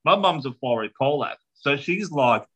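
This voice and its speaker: A man's voice: mid-range voice, expressive, moderate pace, a bit bright, low-quality recording. A man with an Australian accent, hosting a podcast and animatedly telling a story with swearing and laughter in casual chat. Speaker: podcast host.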